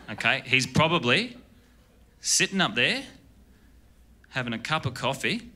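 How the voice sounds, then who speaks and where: An Australian man doing a stand-up comedy set in a club, rambling and deadpan, often breaking off mid-sentence. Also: medium pitch, measured pace, long pauses, background noise. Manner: rambling, deadpan, self-interrupting. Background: audience laughter.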